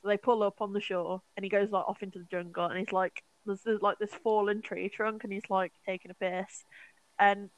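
A woman's voice: mid-range voice, little pitch movement, fairly quick, no echo, poor audio. A young woman co-hosting a podcast, casually retelling a film with lots of fillers, swearing and acted-out quotes. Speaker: podcast co-host.

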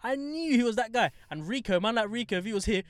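A young man, chatting casually and telling animated stories full of slang. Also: extremely high pitch, quick pace, smooth, no echo, clean studio sound. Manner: animated storytelling, heavy slang. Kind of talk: casual chat.

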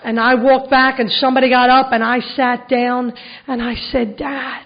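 A middle-aged woman with a high voice tells her recovery story to a room, earnest and emotional, breaking it up with self-mocking jokes. Her stays strong throughout. The recording sounds dull and lo-fi. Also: little pitch movement, normal speed, a faint crowd. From Philadelphia, USA. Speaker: recovery meeting speaker. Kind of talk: personal testimony talk to an audience.

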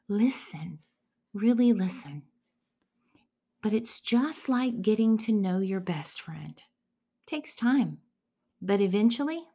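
A middle-aged woman giving a devotional teaching, earnest and often dropping to a hushed whisper. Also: medium pitch. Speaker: Christian speaker.

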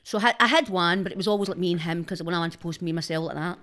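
A woman's voice: lowish voice, rapid-fire, a bit bright. A woman with a Glaswegian accent, a podcast guest telling rambling, sweary stories into a studio mic, often breaking into laughter. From Glasgow's East End, Scotland. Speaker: guest, social media personality. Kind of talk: casual podcast chat. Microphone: studio microphone.

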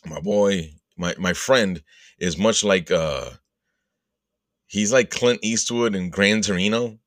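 Male podcast host, low-pitched and dry-sounding, for profane, rambling comic storytelling with quick put-on voices. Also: no room sound. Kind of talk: casual comedic storytelling.

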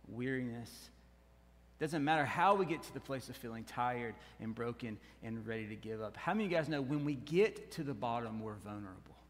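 A man preaching a sermon as pastor, animated, rising and dropping, with frequent questions to the congregation. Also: medium pitch, in a large hall. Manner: animated preaching that rises and drops, with asides to the congregation.

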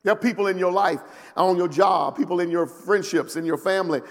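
A male pastor delivers a sermon in a call-and-response style, dropping to low, quiet lines and then climbing to loud, emphatic peaks. His voice sits a little higher than most men's. It rings out with a long reverb, as in a large church. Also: brisk, creaky. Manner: call-and-response preaching with frequent "amen" and rising shouted peaks; colloquial, repeats words for emphasis.

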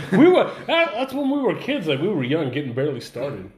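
Joking man with quick interjections. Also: a little high, wildly swooping pitch, a little mellow. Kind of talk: casual chat. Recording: echoey room.

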